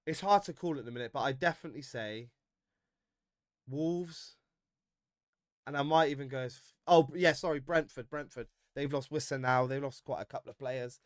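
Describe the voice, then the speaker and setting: A man hosting a casual football fan livestream, reading viewer comments with animated banter and frequent laughs. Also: medium pitch, normal speed, no room sound, clean studio sound.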